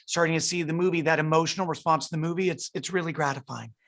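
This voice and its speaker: This middle-aged director speaks quickly in a somewhat high, slightly bright voice with fairly even intonation. He's being interviewed over a video call and answers eagerly, repeating words and restarting sentences as he works out his thoughts.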